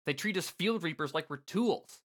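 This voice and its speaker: A man's voice: on the high side, expressive, normal speed, a bit bright. A man voicing an earnest, frustrated young woman, reading game dialogue aloud on a podcast. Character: earnest young female reaper, frustrated idealist.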